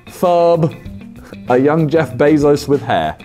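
A man's voice: a little high, animated, slow pace, warm tone, faint music behind. A young man, reacting to fan posts in casual commentary, teasing and self-mocking.

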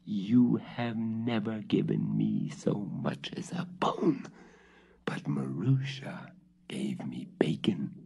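A man doing a soft, hissing thin cat. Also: lowish voice, big pitch swings, takes it slowly, husky, full character voice. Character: sly thin female cat servant, soft-spoken. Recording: dull lo-fi old recording.

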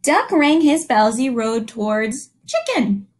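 Speaking unhurriedly in a slightly high voice, a young woman teacher shares a picture book with children. Her storytelling is lively, broken up with questions aimed at the little ones listening.

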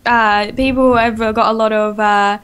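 A woman's voice: on the high side, fairly even intonation, unhurried, a bit bright, clean tone. An Australian woman hosting a casual gaming podcast, chatty and rambling, with lots of fillers and self-corrections. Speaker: podcast host.

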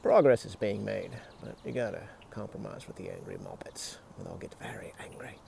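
Gravelly man rambling outdoors. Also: fairly low pitch, wildly swooping pitch, brisk, background noise. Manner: rambling, self-mocking, joking asides. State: shaky hands, tired from digging. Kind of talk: casual outdoor vlog. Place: outdoors in a rural garden.

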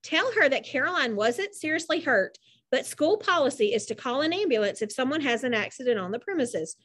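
A woman voicing a calm, businesslike hospital nurse in a storybook reading. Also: high voice, a little fast. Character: brisk adult hospital nurse, calm and practical.

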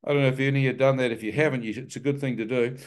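A man of middle pitch recounting his own story before a congregation. He tells it with animation and wry, self-deprecating jokes, acting out his own thoughts as he goes. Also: rapid-fire, clean tone. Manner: vivid, animated storytelling with self-mocking humor. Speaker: guest speaker sharing his testimony. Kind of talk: testimony told to a live church audience.

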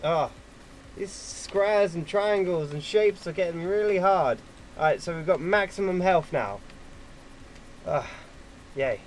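Slow-talking excitable gamer man. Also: sits high, a little hiss or hum, low-quality recording. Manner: excitable, swears at opponents. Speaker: gaming YouTuber. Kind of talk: casual gameplay commentary.

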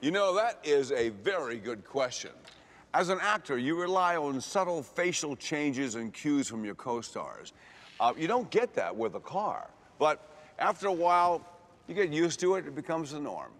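An easygoing aging TV star. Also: male voice, fairly high pitch, normal speed, big-room sound. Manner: relaxed, calm answers. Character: aging male TV star on a convention panel, easygoing. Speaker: panel guest. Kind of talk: comedy film acting. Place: large convention hall.

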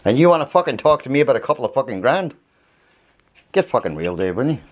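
Brief: furious New man in a heated confrontation, swearing, pressing accusations, mid-range pitch. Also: sing-song, quick pace. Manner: angry, accusing, swearing, repeating questions. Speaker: complainant confronting his advocate.

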